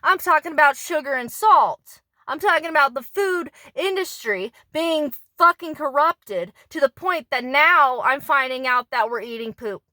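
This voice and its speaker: High, bright-voiced woman ranting angrily. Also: expressive, unhurried, hardly any pauses, no room sound, clean studio sound. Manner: angry, profane, rambling with restarts; pissed off, disgusted. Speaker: ASMR creator. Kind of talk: ranting ASMR monologue.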